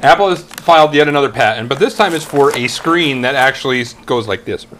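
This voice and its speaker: A man's voice: medium pitch, expressive, brisk, fairly bright tone, slight background noise. Dry-teasing man hosting a tech chat. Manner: steers back to news items, dry teasing. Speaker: co-host. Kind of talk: casual banter on a tech comedy show.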